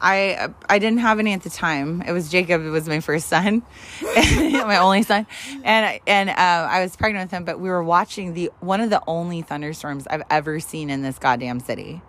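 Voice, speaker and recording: A woman's voice: fairly low pitch, moderate pace, fairly bright tone. Laughing, profane woman telling stories. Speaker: podcast co-host. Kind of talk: casual chat.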